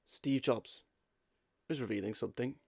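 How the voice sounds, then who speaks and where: A man's voice: mid-range voice, normal speed, creaky, darkish tone, husky, no echo, clean studio sound. A man co-hosting a casual podcast chat, telling playful made-up scenes. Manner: spins playful storytelling scenes. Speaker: podcast co-host.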